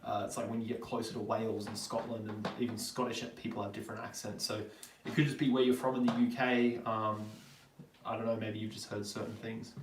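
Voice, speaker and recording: An Australian man chats casually through a live question-and-answer stream, reading each viewer question aloud before rambling into an answer full of ums. His voice sits at an ordinary middle pitch. The sound is roomy, picked up from a mic a little way off. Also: gravelly, recorded from a distance, slight background noise. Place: home in Germany.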